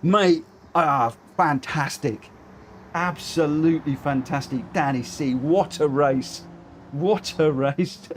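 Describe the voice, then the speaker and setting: A man commentating a racing game live, excitable, cheering drivers on and breaking into shrieks of laughter. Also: fairly high pitch, slow, a little hiss or hum. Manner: cheers drivers on with repeated phrases.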